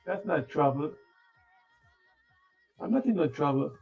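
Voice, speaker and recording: A man hosting a trading livestream, muttering to himself as he sets up his screen, tired and yawning, with sudden loud playful bursts. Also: on the high side, expressive, measured pace, vocal fry, breathy edge. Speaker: livestream stock trading host. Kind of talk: rambling livestream chatter. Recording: dull lo-fi sound with faint music.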